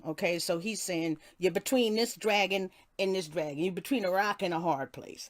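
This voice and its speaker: A woman's voice: lowish voice, moderate pace, few pauses, no room sound. An older woman hosting a casual live stream, reading a passage and then greeting viewers by name with many restarts. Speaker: livestream host.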